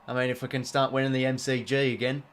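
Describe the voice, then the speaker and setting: A man's voice: medium pitch, completely flat delivery, fast. A young Australian man hosting a live watch-along stream, chatting casually, full of fillers and greeting viewers from chat.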